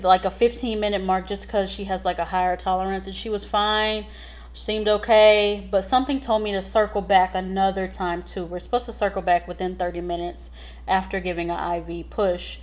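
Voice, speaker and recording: Nurse lady spilling shift stories, chatty, lots of likes, just talking to camera. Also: mid-range voice. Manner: chatty, animated retelling with lots of "like" and "so". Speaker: nurse telling patient stories. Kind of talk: casual storytelling vlog.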